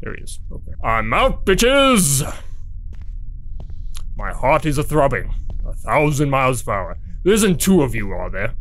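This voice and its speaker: A man giving theatrical, excitable horror game commentary, swearing a lot and playing along with his in-game character. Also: medium pitch, brisk. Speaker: let's play gamer.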